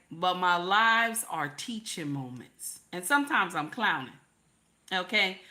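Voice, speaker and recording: Relationship advice, casually delivered, comes from an older woman hosting a live stream for her viewers. She's animated, goes over her points again, and drops to a low, confiding voice to stress them.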